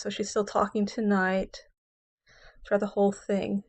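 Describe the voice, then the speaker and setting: A woman English professor lectures on poetry at a middle pitch, neither high nor low. She reads lines of verse slowly, leaning hard on the stressed words. Then she explains them in an easy, plain way, with an occasional "um" or "okay". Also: little pitch movement, a little mellow.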